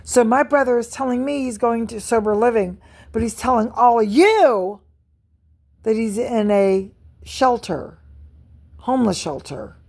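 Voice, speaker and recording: Middle-aged woman vlogger, slightly high voice, furious profane rant. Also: measured pace, vocal fry, darkish tone. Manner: angry, profane, repetitive venting. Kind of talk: ranting vlog monologue.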